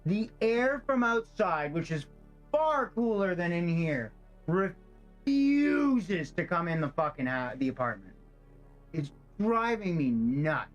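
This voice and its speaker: A male streamer chats over his game in a loose, profane style, ranting with plenty of exasperated swearing. He sounds overheated and fed up from sitting in a stuffy apartment. His voice is slightly high, with faint game music playing behind him. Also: very animated, slow, muffled recording. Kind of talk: casual gameplay commentary and dialogue reading. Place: hot apartment.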